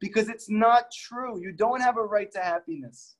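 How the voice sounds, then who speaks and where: A man's voice: high voice, normal speed. A man, a rabbi, giving an earnest and emphatic Torah teaching talk that drives home each point by repeating it.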